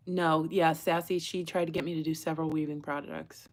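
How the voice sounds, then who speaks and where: A woman's voice: low-pitched, flat delivery, normal speed, darkish tone. A woman hosting a jewelry-making livestream, chatting casually and laughing often, sometimes dropping to a whisper while she works. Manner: chatty, laughs often, reads viewer comments aloud; drops to a whisper while working. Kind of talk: casual live chat while crafting.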